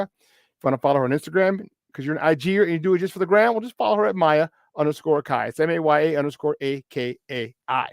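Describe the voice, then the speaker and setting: A man with a Chicago accent hosting a morning sports talk show, energetic and playful, giving slangy shout-outs to his listeners. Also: fairly high pitch, dry recording. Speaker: sports talk radio host.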